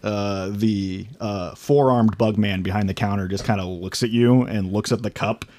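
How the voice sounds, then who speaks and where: A man's voice: on the low side, steady tone, normal speed, a little mellow. A man narrating a tabletop game as game master, in a casual, loose way with lots of fillers.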